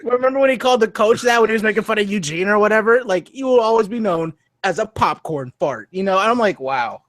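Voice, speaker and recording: A man co-hosting a casual wrestling podcast, excitable and jokey, swearing and mimicking wrestlers as he talks. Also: high-pitched, quick pace, no echo. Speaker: podcast co-host.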